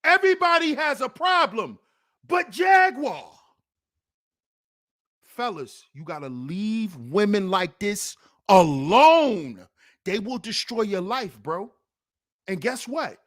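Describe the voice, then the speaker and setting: Slow, preachy man, lively pitch. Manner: preachy, emphatic, repeats and mocks. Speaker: channel host and commentator. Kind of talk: heated commentary on a played clip.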